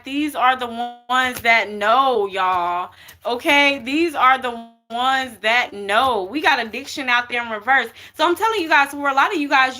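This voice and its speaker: A woman's voice: high voice, bright, forceful tone. A young woman doing a casual spiritual card reading for her viewers, talking emphatically and checking in with "okay" and "y'all" over and over. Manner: chatty, emphatic, keeps saying okay and y'all.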